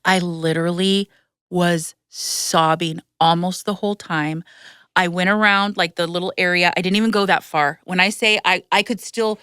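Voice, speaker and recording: A woman's voice: fairly low pitch, fairly even intonation, moderate pace, a bit bright, clean tone, no echo, studio quality. A woman in her thirties hosting a podcast, telling stories animatedly and acting out the voices she quotes. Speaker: podcast host. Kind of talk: casual chat.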